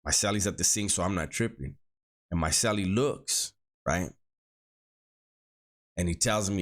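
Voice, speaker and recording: A man's voice: deep voice, a little slow, pauses often. A middle-aged man telling a story from his past in casual street slang, often repeating words as he goes.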